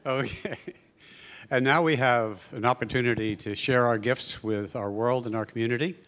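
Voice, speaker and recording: A man's voice: medium pitch, normal speed, fairly bright tone. A man leading a congregation's offering, reciting a blessing for them to repeat. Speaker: minister.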